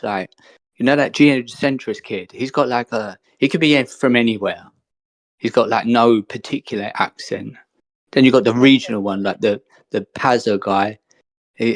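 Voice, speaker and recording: A man in a casual group chat, talking offhandedly and repeating himself. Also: lowish voice.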